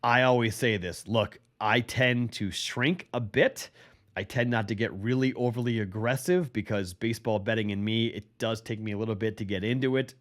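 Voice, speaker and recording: A man with a congested, stuffy voice, hosting a sports betting podcast in a casual, rambling way and correcting himself as he goes. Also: fairly low pitch. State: congested, recovering from illness.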